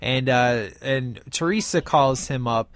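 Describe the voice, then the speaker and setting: A man's voice: medium pitch, a little slow, no room sound. A man casually recapping his favorite film scenes, enthusiastic and rambling with many fillers. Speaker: film reviewer.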